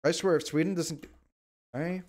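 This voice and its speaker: A man's voice: fairly high pitch, fairly even intonation, normal speed. Exasperated, whiny male game streamer. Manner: whiny, exasperated outbursts and repeated complaints; shouts at the screen. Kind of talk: live gameplay commentary.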